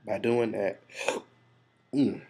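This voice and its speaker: A man with a low, deep voice speaks straight to his camera in a confessional vlog. He sounds stressed and frustrated. He rambles and swears freely as he thinks aloud. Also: fairly even intonation, drawn-out words, gravelly, dark tone, a little hiss or hum. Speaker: vlogger.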